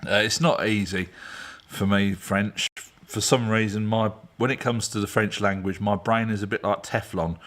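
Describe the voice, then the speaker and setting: A man's voice: lowish voice, steady tone, moderate pace, few pauses, a bit bright. A man hosting a casual live stream from his home garage, rambling and laughing as he talks. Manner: rambling, chatty, laughs often. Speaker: garage channel host.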